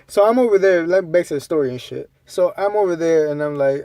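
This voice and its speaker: A man's voice: on the high side, fairly quick, hardly any pauses, warm tone, dry recording. Profane, rambling young man telling a story. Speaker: podcast co-host. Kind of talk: casual storytelling.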